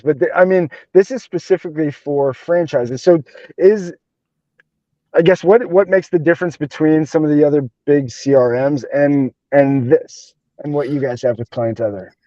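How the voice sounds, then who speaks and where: A man's voice: fairly high pitch, moderate pace, dark tone, no echo. A man hosting a casual interview, asking curious, probing questions. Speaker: podcast host. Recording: dull lo-fi audio.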